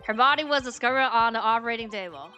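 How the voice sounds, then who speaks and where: A woman's voice: a little high, fast talker, pushed and bright, faint music behind. A woman streaming a game, reading its dialogue aloud and chatting in a rambling, filler-heavy way, laughing often. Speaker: VTuber streamer.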